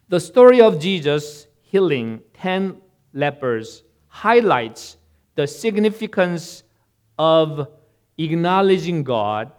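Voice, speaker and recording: A male pastor preaches at a slow, unhurried pace, pausing often on fillers. His voice is smooth and clear. It sits a little higher than most men's. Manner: slow, halting delivery with many fillers. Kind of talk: sermon.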